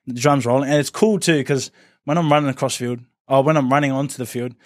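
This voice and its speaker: A man, a professional rugby league player, telling stories in a casual interview, rambling and relaxed, saying "mate" often and acting out what others said. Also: mid-range voice, fast talker, no echo, studio quality. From New Zealand family ties. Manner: relaxed, rambling, says "mate" a lot, acts out quotes.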